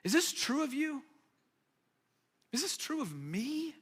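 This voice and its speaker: A man's voice: very high voice, sing-song, takes it slowly, fairly bright tone. A man preaching a sermon as a pastor, conversational and emphatic with playful asides. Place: church hall. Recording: reverberant hall.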